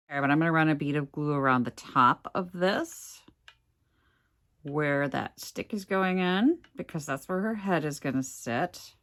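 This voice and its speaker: A woman chatting casually while she crafts, thinking aloud as she works, with a slight Southern American accent that slips in and out. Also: sits low. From United States. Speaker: craft vlogger.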